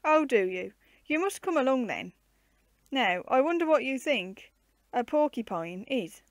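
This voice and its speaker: A woman reading the part of a patient, gently teasing uncle who explains zoo animals to children in a storybook. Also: very high voice, sing-song, a little slow, dry recording, full character voice.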